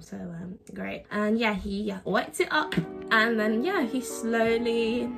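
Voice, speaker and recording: A young woman telling a candid, crude and self-mocking story-time vlog, with music playing behind. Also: fairly high pitch. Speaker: vlogger. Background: background music.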